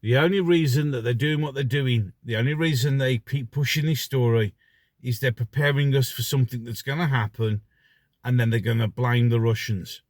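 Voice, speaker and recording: A man's voice: medium pitch, moderate pace, no echo. Sarcastic man ranting. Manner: sarcastic, mocking, rhetorical questions. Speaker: vlogger. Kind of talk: ranting commentary.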